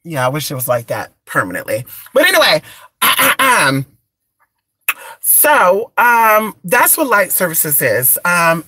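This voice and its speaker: A woman who does spiritual candle services, talking in a blunt, profane rant, her voice raspy from just waking up. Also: fairly low pitch, sharp tone, no room sound. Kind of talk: casual rant to camera.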